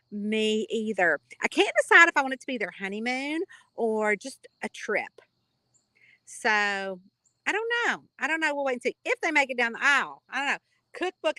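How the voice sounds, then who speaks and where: A woman's voice: a little high, sharp tone, no room sound. A middle-aged woman with a Kentucky twang, chatting with readers on a live stream in a rambling, bubbly way. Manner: chatty, rambling, bubbly, reads out viewer comments. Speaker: author hosting a live reader chat. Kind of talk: casual livestream chat.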